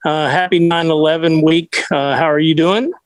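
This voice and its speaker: A man's voice: fairly high pitch, steady tone, normal speed, rough recording. A man co-hosting a talk show, asking questions in a casual, hesitant way. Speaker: co-host interviewer.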